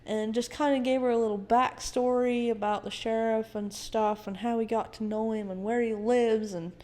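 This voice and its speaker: A young woman, a podcast guest, telling a personal story in a casual, animated way, often quoting others and swearing. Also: fairly high pitch, moderate pace.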